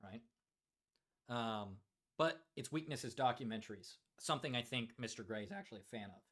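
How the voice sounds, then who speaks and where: Male streamer host, casual joking chat, middle pitch. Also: lively intonation, a little fast, fairly bright tone. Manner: joking, reads chat aloud, many fillers. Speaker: livestream host.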